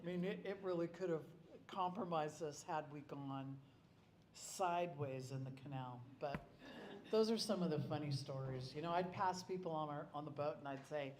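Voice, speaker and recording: A man's voice: on the high side, normal speed, a little mellow, slight background noise. Middle-aged man telling stories in an echoey hall. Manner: rambling anecdotes with frequent restarts. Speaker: eulogy speaker. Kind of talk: personal storytelling at a memorial. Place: club hall. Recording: echoey hall with faint ambience.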